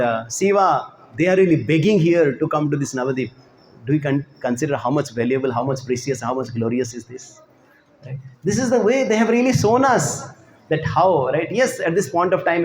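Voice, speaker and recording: A fairly high-voiced man tells devotional stories to pilgrims, often checking in with "right?" and leaning on "you know". His voice rings in an echoey space over a faint hum of ambience. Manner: fills with "you know" and "right?", acts out quotes. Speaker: devotional speaker. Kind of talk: storytelling lecture on a pilgrimage.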